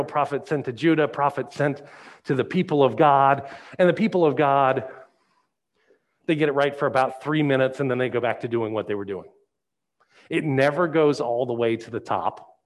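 A male pastor preaching a sermon, retelling a Bible story in a lively storytelling way. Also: on the high side. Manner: animated storytelling.

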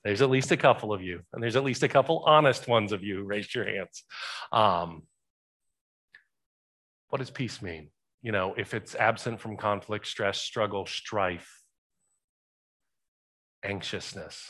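A man's voice: fairly low pitch, a little slow, long pauses, fairly bright tone. A pastor giving a conversational sermon, asking the congregation rhetorical questions and shifting his emphasis often.

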